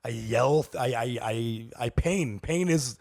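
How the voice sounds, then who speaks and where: A man comedian co-hosting a casual podcast, rambling and breaking into loud laughs and outbursts. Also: medium pitch, unhurried, vocal fry, dry recording, clean studio sound. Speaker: comedian co-host.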